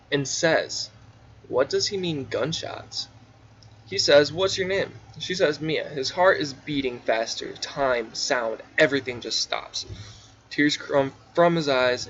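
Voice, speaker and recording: Man, middle-pitched, casually reads his own story aloud, drowsy with asides; dull lo-fi recording. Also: a bit bright. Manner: offhand, drowsy, stumbles and restarts. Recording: dull lo-fi recording with faint hiss.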